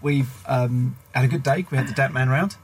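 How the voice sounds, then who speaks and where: A man's voice: medium pitch, brisk, husky. A man joining a casual podcast as a guest, hesitant with many fillers and joking drily. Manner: dry humour, hesitant fillers. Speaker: guest, co-host's husband.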